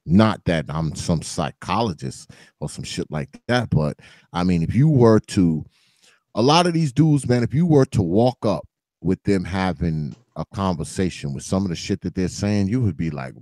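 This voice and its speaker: Gravelly, lively-voiced man hosting. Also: deep voice, no room sound. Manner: loose and profane, laughs often. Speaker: podcast host. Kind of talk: casual chat.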